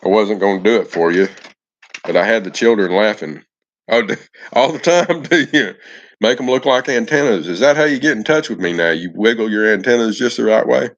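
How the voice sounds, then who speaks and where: A man's voice: lowish voice, a little fast, highs cut off. A man chatting on a casual live stream, folksy and affectionate, greeting viewers by name.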